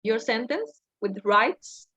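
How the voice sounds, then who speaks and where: A woman's voice: fairly high pitch, lively intonation, slow, fairly bright tone, highs cut off. A woman teaching an English class over a video call, patiently correcting her students step by step.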